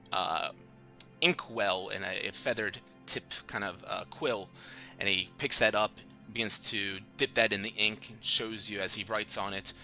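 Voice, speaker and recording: A man narrating a tabletop game as game master, halting with lots of fillers. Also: on the low side, sharp tone.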